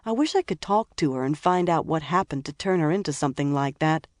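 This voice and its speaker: A young rookie cop, earnest and curious, who asks plainly and talks somewhat quickly when he gets going, as an audiobook reader plays him. The storybook recording is dry and close. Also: fairly high pitch, animated, no room sound, close to an everyday voice. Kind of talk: audiobook character voice.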